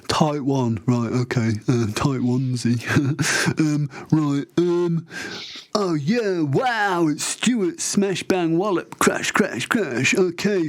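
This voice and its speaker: A man's voice: mid-range voice, darkish tone, natural voice. A man voicing an odd, aimless character who rambles hesitantly about wandering the streets.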